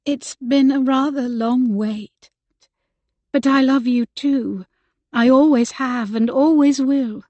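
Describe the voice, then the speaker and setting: A woman's voice: a little high, expressive, slow pace, no room sound, dull audio. A woman reading the part of a shy, hopeful young woman in love, speaking lightly. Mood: joyful.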